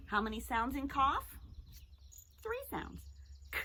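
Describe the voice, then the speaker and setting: A middle-aged woman teaching a children's phonics lesson, talking slowly in a sing-song way and mixing in songs. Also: sits high, a little hiss or hum. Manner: slow, lively, sing-song teacher talk to young children.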